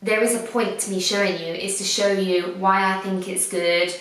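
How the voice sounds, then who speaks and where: A woman's voice: mid-range voice, steady tone, normal speed, fairly bright tone, distant mic. A woman, chatting enthusiastically through a fashion haul review, rambling with little restarts. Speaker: fashion vlogger. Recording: very echoey room, away from mic.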